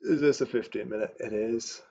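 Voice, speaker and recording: A man's voice: medium pitch, normal speed, vocal fry, dark tone, a little hiss or hum. A young man streaming his live trading, thinking aloud with muttered, chatty asides, in a dull lo-fi recording. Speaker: day trader streaming live.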